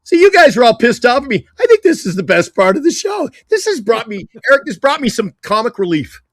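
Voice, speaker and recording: Excitable ranting sports talk host. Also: mid-range voice, a little fast, dry recording. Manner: excitable, ranting, often laughing. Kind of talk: live sports talk stream.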